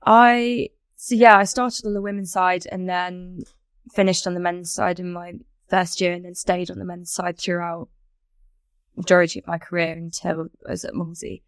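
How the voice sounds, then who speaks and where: A woman's voice: lowish voice, level tone, moderate pace, smooth, dry recording, clean studio sound. A young adult woman, a rowing coxswain, answering interview questions in a reflective, chatty way and laughing easily. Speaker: podcast guest, rowing coxswain.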